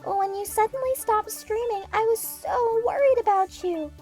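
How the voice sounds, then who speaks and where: Brief: very high-pitched, cutesy, chaotic anime space-probe girl; comedy audio drama, faint music under. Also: moderate pace, dark tone. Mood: indignant fan. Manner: babyish cutesy talk flipping to blunt swearing.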